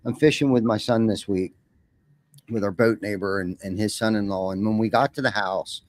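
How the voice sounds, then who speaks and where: Male podcast guest, low voice, candid and rambling, dry close sound. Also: moderate pace, no echo. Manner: rambling, repeats words when starting sentences. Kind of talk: casual conversation.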